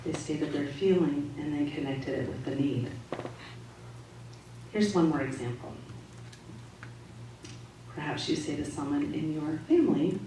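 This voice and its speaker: A woman giving a calm, measured, gently instructive Sunday talk to a congregation, as a spiritual practitioner. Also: deep voice. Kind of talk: sermon-style talk to a congregation. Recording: echoey hall audio from far off, faint noise.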